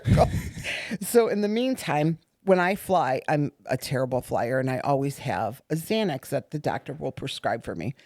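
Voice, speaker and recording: A middle-aged woman, a guest and the host's mother, recounting a family story with animated, repetitive delivery and acted-out dialogue. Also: rumbling low, normal speed, no room sound, clean studio sound. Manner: animated, acts out quoted dialogue, repeats herself. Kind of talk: emotional personal storytelling.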